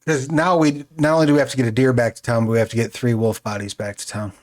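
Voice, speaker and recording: Male player in a tabletop game, casual and hesitant, thinking out loud. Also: medium pitch, flat delivery, fast. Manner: hesitant, thinking aloud with ums and likes.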